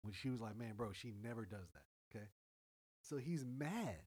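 A man's voice: medium pitch, moderate pace, husky, low-quality recording. A man telling a story in casual chat, swearing freely and acting out quoted dialogue. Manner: animated, profane, acts out quoted dialogue.

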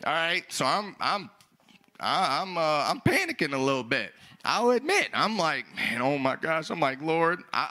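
A young male pastor telling a story in a sermon, acting out dialogue with loud, animated outbursts. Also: fairly high pitch, moderate pace.

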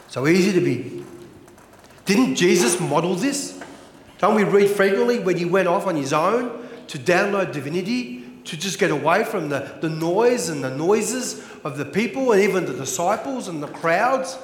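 Animated pastor in an echoey hall. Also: male voice, sits high, a little hiss or hum. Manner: animated, rhetorical questions, acts out scenes. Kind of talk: sermon.

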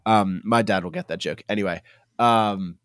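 A man's voice: on the low side, steady tone, moderate pace, fairly bright tone, smooth. A man hosting a football podcast, trying to wrap up the episode amid the banter. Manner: wraps up the show through repeated interruptions, exasperated. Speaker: podcast host. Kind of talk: casual banter.

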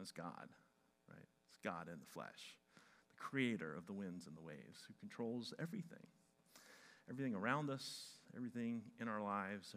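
A man preaching a sermon to a congregation, dramatizing Bible stories with animated shouts. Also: fairly low pitch. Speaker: pastor.

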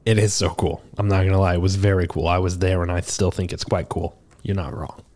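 A man playing a seasoned male tortle cleric, telling a rambling, animated, self-deprecating tavern tale in a tabletop game. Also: sits low, a little fast. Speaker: player. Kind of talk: in-character tavern storytelling.

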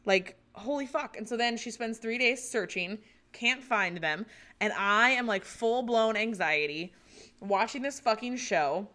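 A woman in her thirties hosts her own podcast in a casual solo chat, rambling and frequently swearing and laughing. Her voice is a little high and sharp in tone, with a measured pace.

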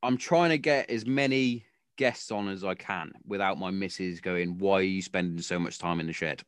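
Recording in a garden shed at home, a man in his thirties hosts a podcast full of casual, profane, joking anecdotes delivered bluntly. He speaks at normal speed in a clear, resonant, low-pitched voice, with no echo.

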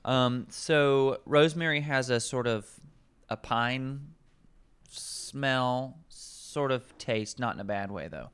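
A man's voice: medium pitch, slow, a bit bright, clean tone. A man, a nutrition coach, explaining herbs in casual podcast conversation, rambling and correcting himself as he goes.

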